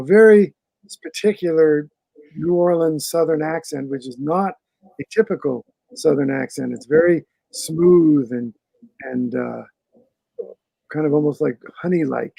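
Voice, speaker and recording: Brief: male author guest, gravelly and dark-toned, rambling conversational answers, dry sound. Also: fairly high pitch, dry recording, poor audio. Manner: rambling, restarts phrases while thinking.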